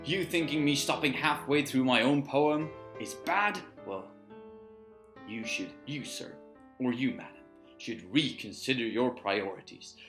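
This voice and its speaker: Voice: mid-range voice, unhurried. A young adult vlogger from Sweden, reciting a poem and then rambling in a playful, self-mocking way, recorded outdoors. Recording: echoey with faint guitar music.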